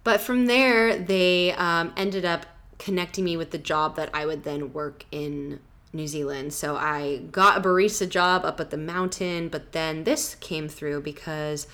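A woman with a low, unhurried, slightly bright voice hosts a podcast. She tells travel stories in a rambling, casual way, packed with fillers like "like" and "you know."

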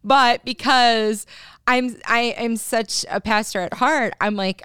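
A woman co-hosting a podcast, bubbly and quick to laugh in casual chat. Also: a little high, a bit bright, clean tone, no room sound, clean studio sound. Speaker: podcast co-host.

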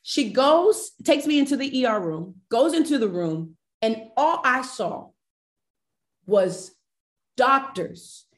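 A woman's voice: high voice, takes it slowly. A woman, a podcast guest, telling a personal family story with feeling and acting out the dialogue. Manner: emotional, animated retelling with quoted dialogue.

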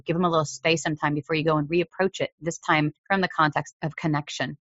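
A woman with a fairly low voice talks through parenting advice in an earnest, coaching way, now and then acting out lines a parent might say. The sound is dry and close, with a slightly dull, lo-fi quality. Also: animated, fairly quick, hardly any pauses, no room sound. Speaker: parenting podcast host. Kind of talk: advice podcast monologue.

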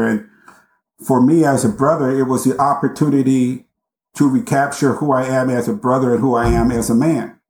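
A man recounting a personal story as a guest in an interview, speaking with intense, deliberate emphasis and dramatic pauses. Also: medium pitch, steady tone, a little mellow. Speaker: podcast guest. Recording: roomy echo.

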